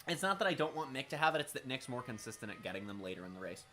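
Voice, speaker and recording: A man streaming a racing management game, talking casually with a raspy, smoker-like voice, swearing and making wry remarks as he thinks aloud. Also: medium pitch, big pitch swings, rapid-fire, bright, forceful tone, slight background noise. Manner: profane, wry, thinking aloud while playing. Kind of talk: casual live-stream commentary.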